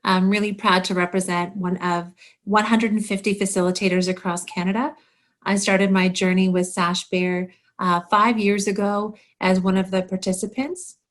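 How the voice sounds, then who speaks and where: A woman facilitator giving a sincere personal introduction in an even way. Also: mid-range voice, normal speed.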